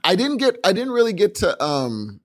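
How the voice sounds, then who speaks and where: A man's voice: high-pitched, normal speed, no room sound, studio quality. A man co-hosting a podcast in casual chat, telling stories and acting out his own thoughts in quoted asides. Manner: animated storytelling, acts out quoted thoughts. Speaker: podcast co-host. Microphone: remote call recording.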